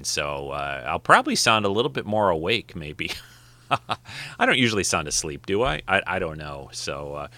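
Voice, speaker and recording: A man's voice: low voice, bright, forceful tone, no echo. A man hosting his podcast alone, chatting casually in a rambling way with friendly asides. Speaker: podcast host. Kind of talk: casual solo podcast talk.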